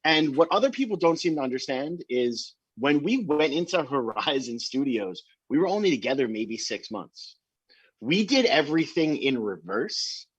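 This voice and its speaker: A band member telling an animated story in an interview, talking excitedly about recording. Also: male voice, medium pitch, normal speed, husky, no room sound, muffled recording.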